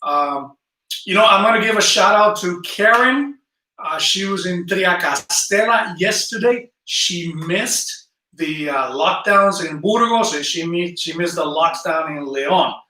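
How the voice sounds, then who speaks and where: A man's voice: high voice, lively intonation, a little slow, pushed and bright, reverberant, distant mic, rough recording. A man with a South Jersey accent hosting a casual travel livestream, chatty and friendly, greeting viewers and reading their comments. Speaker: travel channel host. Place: indoor room at home.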